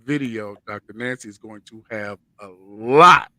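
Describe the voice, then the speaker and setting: A man hosting a talk show, speaking slowly and personally in a soft, reflective way. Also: medium pitch, dry recording. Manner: slow and personal, soft-spoken with gentle laughs. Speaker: show host.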